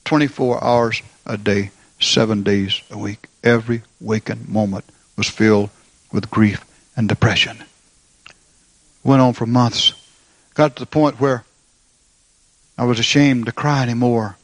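A middle-aged male preacher delivering a sermon with a testimony, in a mid-pitched voice captured dry and close. His fervent praise climbs high with repeated exclamations, and he shifts into somber, measured storytelling for the sad parts. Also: steady tone, no echo. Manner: somber, slow storytelling when recounting grief.

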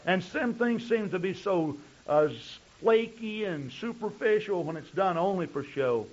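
A man's voice: high voice, expressive, unhurried. A male pastor preaching a sermon, telling stories in long chains of "and" with frequent restarts. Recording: dull lo-fi recording.

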